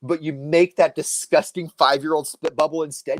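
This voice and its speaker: A woman co-hosting a live stream, chatting in a playful, expressive way. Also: low voice, normal speed, slight background noise. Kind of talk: casual chat.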